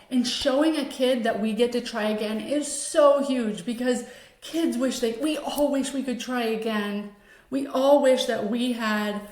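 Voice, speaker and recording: Earnest woman explaining, echoey room. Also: on the high side. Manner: earnest, acts out example phrases in a softer gentle voice. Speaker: host. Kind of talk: explanatory talk.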